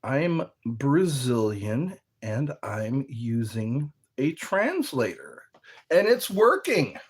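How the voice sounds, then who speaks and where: A man's voice: medium pitch, big pitch swings, drawn-out words, husky. A man hosting a live stream, chatting in a rambling, playful way while he snacks and spells words out.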